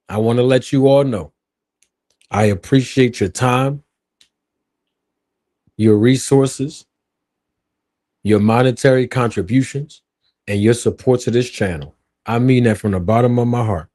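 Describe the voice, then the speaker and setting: A man putting on a smooth, sweet-talking ladies' man persona in a slow, low crooning voice on a live stream. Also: mellow, lightly acted.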